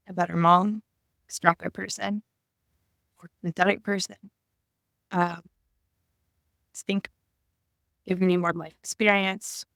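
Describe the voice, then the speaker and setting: A woman in her thirties talking to camera about her own past, halting and emotional, often searching for words. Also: mid-range voice, dry recording, clean studio sound. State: tearful at times. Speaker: vlogger. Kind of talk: personal reflective talk to camera.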